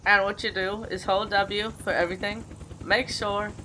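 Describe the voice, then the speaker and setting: A woman's voice: mid-range voice, fairly even intonation, moderate pace, sharp tone. Woman clowning in a silly put-on accent. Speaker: gamer making a flying tutorial. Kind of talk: joking game commentary. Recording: game noise and engine sounds behind.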